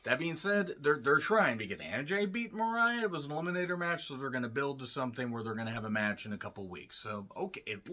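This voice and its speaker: A man giving a solo review, talking in a sarcastic, profane, ranting way with frequent asides and throat-clearing. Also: mid-range voice, expressive, fast, few pauses, sharp tone. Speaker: wrestling show reviewer.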